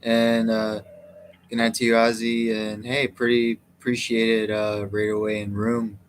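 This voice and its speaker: A low-voiced man speaks in an even, flat tone as he signs off a live stream and thanks each viewer in turn. Faint noise hangs behind his voice. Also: unhurried.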